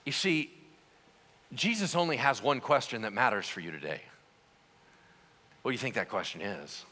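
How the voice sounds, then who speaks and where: A man preaching a sermon as pastor, conversational and animated, asking his listeners questions as he goes. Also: medium pitch, normal speed, big-room sound.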